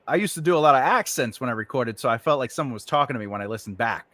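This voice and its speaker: A man's voice: medium pitch, racing, no echo. A man hosting a podcast, chatting casually and cracking jokes. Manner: joking, playful, animated. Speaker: podcast host. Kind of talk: casual comedic chat.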